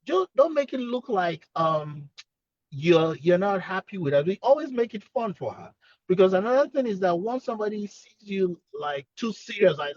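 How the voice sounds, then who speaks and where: A man with an accent giving gentle, encouraging speech advice over a video call from his car. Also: high-pitched, no echo, dull audio. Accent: non-native English accent. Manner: gentle, encouraging, acts out example dialogues. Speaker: speech-language pathologist, expert guest.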